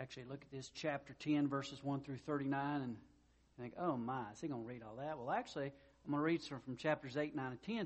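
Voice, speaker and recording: A pastor preaching a sermon, easing in with a folksy joke before turning to Scripture. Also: male voice, mid-range voice.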